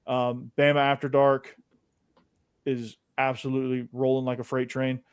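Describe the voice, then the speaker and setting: A man's voice: mid-range voice, flat delivery, moderate pace, clean tone, no room sound, studio quality. A man co-hosting a casual sports podcast, easygoing and trailing off with fillers between thoughts. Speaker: podcast host.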